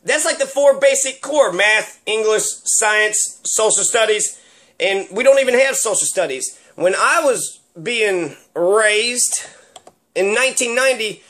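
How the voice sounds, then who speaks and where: A man's voice: high voice, expressive, unhurried, a bit bright. A man giving rambling, sarcastic solo commentary with plenty of fillers. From Kentucky.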